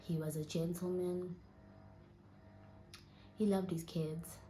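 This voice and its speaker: Young southern african woman, deep mellow voice, fighting tears, slips into whispers. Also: level tone, slow, slight background noise. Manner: emotional, often dropping to a near whisper. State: holding back tears. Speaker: vlogger. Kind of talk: sit-down personal storytelling. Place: indoors, seated.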